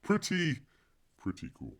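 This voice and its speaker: A man's voice: a little high, wildly swooping pitch, unhurried. A man hosting a casual livestream, rambling to viewers, reading the chat aloud and calling himself Bear in the third person. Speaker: livestream host.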